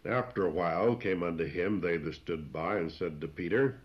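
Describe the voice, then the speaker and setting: A man preaching an expository sermon, explaining old scripture wording in plain speech with frequent pauses. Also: sits low. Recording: dull lo-fi recording.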